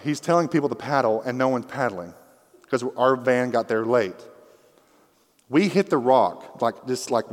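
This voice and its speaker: Animated young male preacher, reverberant hall. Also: mid-range voice. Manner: animated, humorous storytelling with rising excitement. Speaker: pastor. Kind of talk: sermon with storytelling. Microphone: microphone.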